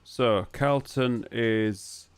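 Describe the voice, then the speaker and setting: A man with a Northern English accent running a tabletop game as dungeon master, narrating scenes in an unhurried way with pauses and fillers. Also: mid-range voice, smooth, no echo.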